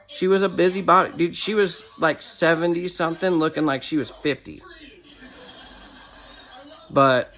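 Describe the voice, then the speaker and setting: A man's voice: a little high, a bit bright. Blunt, profane young man ranting. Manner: blunt and profane, with frequent "like" and "dude". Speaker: vlogger. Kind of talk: emotional personal rant.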